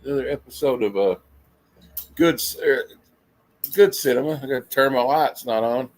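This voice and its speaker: A man hosts a loose movie review chat from his home over a video call. He rambles and leans on fillers, at an ordinary pitch. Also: normal speed. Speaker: host. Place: home room with lights.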